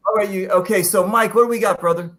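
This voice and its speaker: A man's voice: sits high, steady tone, fast talker, fairly bright tone. A male host running a casual, joking chat with enthusiastic praise. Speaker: podcast host. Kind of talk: casual video-call chat.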